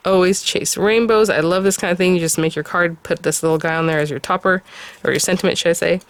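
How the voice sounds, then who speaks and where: Female craft vlogger, 30s, casual, excitable, slightly low pitch. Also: clean tone. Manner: chatty and gushing, many fillers. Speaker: craft channel host. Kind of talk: casual unboxing review.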